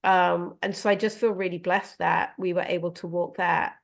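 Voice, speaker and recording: Middle-aged woman, animal communicator, soft emotional delivery with a slightly low voice, heard over a video call. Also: flat delivery, moderate pace, creaky. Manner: gentle, emotional, many fillers. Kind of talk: heartfelt casual conversation.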